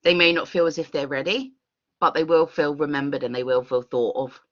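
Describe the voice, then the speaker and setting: A woman leading an online workshop, talking in an expressive, earnest way over a video call. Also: low voice, dull audio. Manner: expressive, earnest, with quick laughs. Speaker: workshop facilitator.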